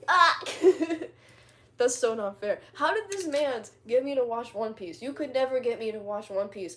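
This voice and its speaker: A woman's voice: a little high, dark tone. Slangy young woman, rambling and laughing. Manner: rambling, slangy, laughs a lot, dramatic retelling. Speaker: streamer chatting with followers. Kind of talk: casual chat.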